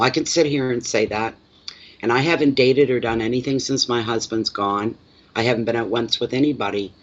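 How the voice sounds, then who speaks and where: A man's voice: mid-range voice, fairly bright tone, lo-fi sound. Chatty Canadian man reading tarot. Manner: chatty, answers live chat comments between cards; plainspoken, repeats words for emphasis. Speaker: tarot reader. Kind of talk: live-streamed tarot reading.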